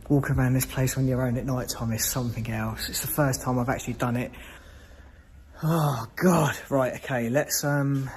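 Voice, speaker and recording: A man creeps through an empty building at night, talking in hushed whispers and cursing under his breath. His voice is of middling pitch and comes through a handheld camera mic, with a faint hiss underneath. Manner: whispering, frightened, swearing often. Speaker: solo paranormal explorer. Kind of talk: whispered handheld exploration commentary. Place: abandoned building at night, indoors.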